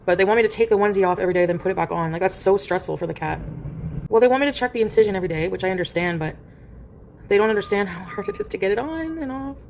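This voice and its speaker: A woman's voice: mid-range voice, very fast, gravelly, slight background noise. A woman chatting casually on a livestream, rambling and filling her speech with "like". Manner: rambling, with heavy use of "like"; coos softly to her cat in baby talk. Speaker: streamer.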